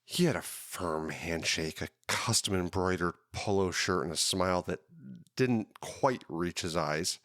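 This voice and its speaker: A man hosting a podcast, telling his own story in a dramatic, drawn-out hardboiled detective style. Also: sits low, fairly bright tone, no room sound, clean studio sound. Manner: dramatic, drawn-out noir delivery. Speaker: podcast host.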